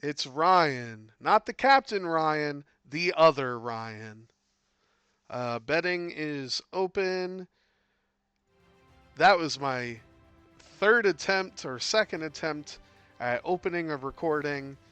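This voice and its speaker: A man's voice: on the high side, takes it slowly, smooth, no room sound, soft background music. Tired, drawling male game commentator. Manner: relaxed, rambling, with many fillers and yawns.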